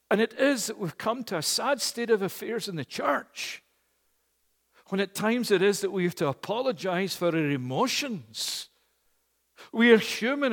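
A middle-aged male pastor preaching a sermon, slow and emphatic, repeating key phrases for weight. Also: high voice, lively intonation, a bit bright, long reverb tail. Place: church.

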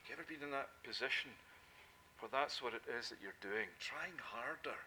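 Male preacher, bright ringing tone, emphatic sermon delivery, loud to hushed. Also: mid-range voice, brisk, a little hiss or hum. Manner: emphatic preaching, swinging from loud declarations to soft intimate asides.

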